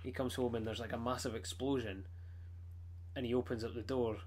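A man chatting casually about comic books, animated as he retells scenes. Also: medium pitch, fairly quick. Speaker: comic collector. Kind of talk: casual chat.

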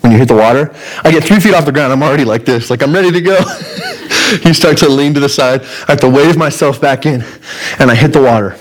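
A pastor from Colorado preaches a sermon and shares a personal story, imitating his own panic in a strained, high voice. He talks fast, and the audio quality is poor.

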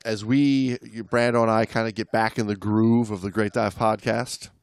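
A man's voice: fairly low pitch, fairly even intonation, normal speed, gravelly, no echo. A man co-hosting a podcast, chatting loosely with lots of fillers. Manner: loose, filler-heavy banter. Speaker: podcast co-host. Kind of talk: casual chat.

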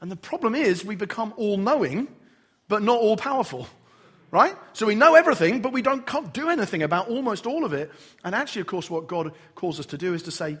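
A male pastor delivers a sermon in a lively, swooping voice with a husky grain. He tells stories with animated, self-mocking humour, and his voice sits a little high for a man. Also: fairly quick. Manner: animated, humorous, self-deprecating storytelling.

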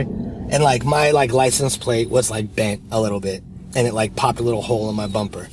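A man talks casually on a podcast recorded inside a moving car. He tells stories with energy and throws himself into the voices of the people in them. Road noise runs clearly underneath. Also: medium pitch, brisk. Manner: animated storyteller, acts out quoted people loudly. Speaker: podcast co-host. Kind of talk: casual chat.

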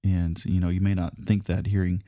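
A man with a very low, mellow voice teaches a Bible lesson like a sermon. He talks in a conversational, unhurried way, pausing on fillers and restarting his phrases. The sound is dry and close. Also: flat delivery, no room sound. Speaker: preacher.

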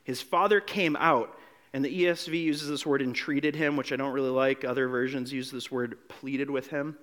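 A pastor with a medium-pitched voice preaches a sermon at normal speed, animated throughout. He acts out the quotes he reads, drops from loud to hushed, and often repeats words as he restarts.

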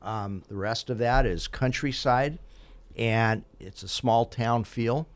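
A man's voice: mid-range voice, slow pace. Chatty radio talk show host, man. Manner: friendly, chatty host with jokes and interjections. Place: radio studio.

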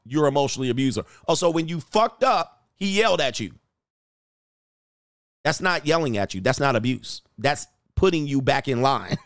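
This dating coach, a man with a fairly high pitch, offers blunt reaction commentary laced with profanity. He laughs at his own remarks and rattles off mocking rhetorical questions, captured in a dry, studio-quality recording.

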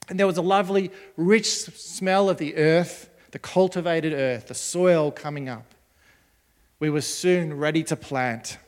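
High-voiced gentle male storyteller. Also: big-room sound. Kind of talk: storytelling for children.

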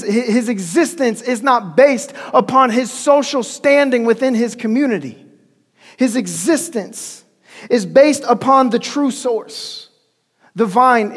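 Pastor, male, very high voice, chatty storytelling sermon, long church-hall reverb. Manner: storytelling, conversational preaching with call-and-response. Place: church sanctuary.

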